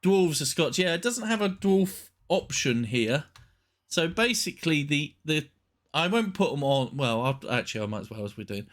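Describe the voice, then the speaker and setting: A man's voice: on the high side, big pitch swings, normal speed, fairly bright tone. Rambling male gaming streamer. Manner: rambling, self-interrupting chatter. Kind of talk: casual live-stream commentary.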